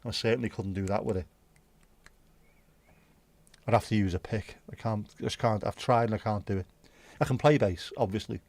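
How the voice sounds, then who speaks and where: A man's voice: on the low side, moderate pace, long pauses, a little mellow. A man hosting a casual livestream, rambling chattily with sweary asides. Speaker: livestream host. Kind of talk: casual solo livestream chat. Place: home.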